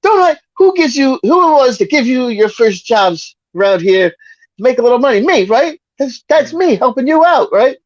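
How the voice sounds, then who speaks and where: A loud, indignant, bigoted middle-aged working-class man, as voiced by a man retelling a sitcom scene. He squawks high and affronted in a lively up-and-down voice. The sound is dry and a little dull. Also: moderate pace, no room sound.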